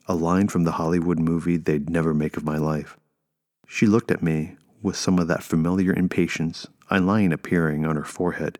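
A man narrating a first-person story in a measured, steady way. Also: sits low.

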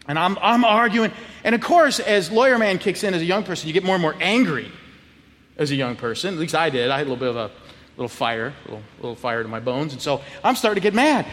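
Animated man preaching in a reverberant church. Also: high-pitched, quick pace. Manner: animated, laughing, acting out quotes. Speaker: pastor. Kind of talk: sermon storytelling. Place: church sanctuary.

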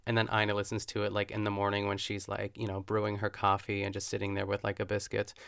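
A man's voice: lowish voice, monotone, fast talker, gravelly, fairly bright tone, no echo, studio quality. A man hosting his own podcast, chatting casually and gushing with self-deprecating asides. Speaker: podcast host. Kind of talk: casual solo podcast recap.

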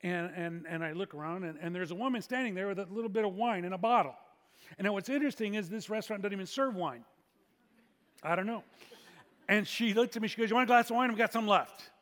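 Man, pastor, sermon storytelling, high pitched, restarts and hushed drops, reverberant hall. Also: fast.

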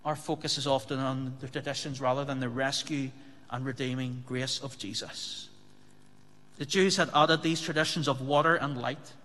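A man's voice: mid-range voice, fairly even intonation, normal speed, fairly bright tone. A man preaching a sermon as pastor, speaking earnestly and asking the congregation rhetorical questions. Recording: long hall reverb.

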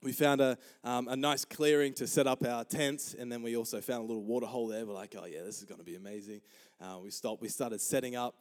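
A man's voice: mid-range voice, fairly quick, hardly any pauses. A young man preaching in church, telling a funny story with lots of energy, acting out the voices and laughing as he goes. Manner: animated, acts out quotes, laughs often. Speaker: pastor. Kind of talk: storytelling sermon. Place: church auditorium.

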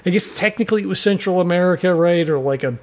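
A man with a notably high voice chats loosely on a podcast, circling his point with many fillers and restarts. He laughs now and then as he talks through his games. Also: fast talker, a little mellow. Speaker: regular podcast player. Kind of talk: casual chat.

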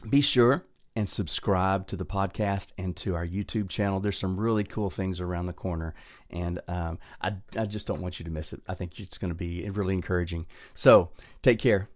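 A middle-aged man, hosting a motivational podcast in an earnest, heartfelt, conversational way. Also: sits low. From Southern US. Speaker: podcast host.

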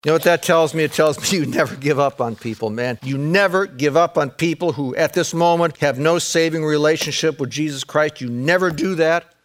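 A man preaching a sermon in a folksy way, peppering his talk with "man" and "folks", swinging between raised excited passages and hushed, intense ones. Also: a little high, a little fast, few pauses. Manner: folksy, says "man" and "folks", repeats words. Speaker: pastor.

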